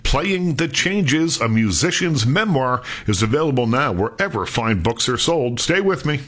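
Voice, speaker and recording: A man's voice: medium pitch, very animated, normal speed, fairly bright tone. A man hosting a radio talk show, closing a segment in a polished announcer manner. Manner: smooth announcer wrap-up.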